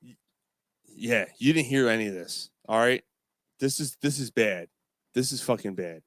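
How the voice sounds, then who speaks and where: Man, middle-aged, casual podcast chat, animated storyteller, swears a lot, dry close sound. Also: medium pitch, normal speed, no room sound. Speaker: podcast co-host.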